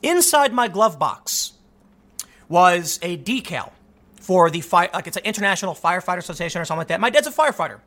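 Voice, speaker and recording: High, bright-voiced young American man. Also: fast. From United States. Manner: animated, many restarts and stammers, acts out quotes. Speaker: storyteller. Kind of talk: casual storytelling.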